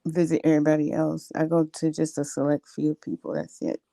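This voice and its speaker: Low gravelly woman calling in, chill and short with it, mellow tone. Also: little pitch movement, fairly quick, no echo, studio quality. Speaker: guest caller. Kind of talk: casual chat.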